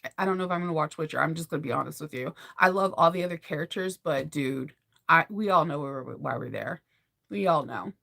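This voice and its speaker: A woman, likely in her thirties, chatting casually to her followers in an animated, gushing way and laughing often. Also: deep voice, fast talker, vocal fry. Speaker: vlogger. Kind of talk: casual chat to camera.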